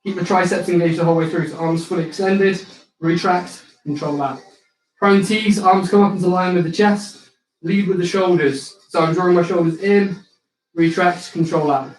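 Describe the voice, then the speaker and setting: Coaching a live online circuit workout, this young man calls out exercises with upbeat instruction and easy banter. He has a high-pitched voice with fairly even intonation and a moderate pace, recorded in an echoey room.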